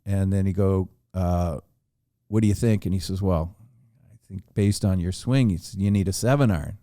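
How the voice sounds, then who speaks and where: A man's voice: sits low, normal speed, mellow, no echo, studio quality. A man telling a long anecdote on a podcast, acting out the dialogue with animation. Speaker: podcast guest storyteller.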